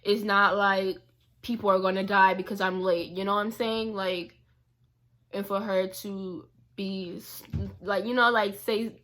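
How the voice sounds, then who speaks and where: A woman's voice: medium pitch, unhurried. A young woman vlogger telling an indignant storytime about a past job, quoting the people involved. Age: young adult. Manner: animated and indignant, quoting others. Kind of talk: storytime vlog.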